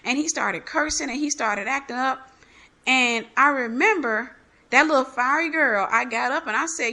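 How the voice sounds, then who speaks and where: Give me a woman with a bright, high voice sharing a candid testimony. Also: moderate pace. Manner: animated, candid, acts out dialogue. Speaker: ministry host giving testimony. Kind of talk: testimony storytelling.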